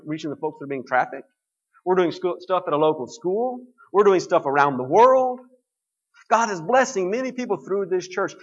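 A man's voice: a little high, lo-fi sound. A man preaching a sermon to his congregation, explaining scripture in a conversational way.

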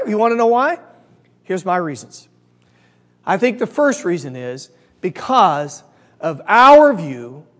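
Male preacher, very high voice, lively delivery, urging the crowd to join in. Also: big-room sound. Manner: animated, coaxing the audience to repeat lines. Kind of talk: sermon.

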